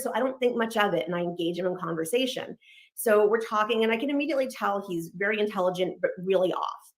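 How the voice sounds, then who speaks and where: A woman in her thirties from Los Angeles, telling her personal story quickly and candidly, acting out bits of dialogue along the way. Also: on the low side. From Los Angeles, United States. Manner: fast, candid, animated retelling with quoted dialogue.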